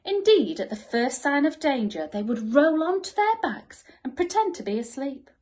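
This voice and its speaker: A woman teacher reading a bedtime story expressively and sometimes dropping to soft whispers. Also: sits high, big pitch swings, normal speed. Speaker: school teacher.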